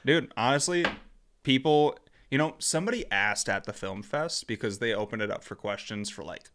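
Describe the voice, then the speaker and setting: A young man co-hosting a podcast in casual chat, talking haltingly with many restarts and laughs. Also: medium pitch, fairly bright tone, slight background noise. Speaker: podcast co-host.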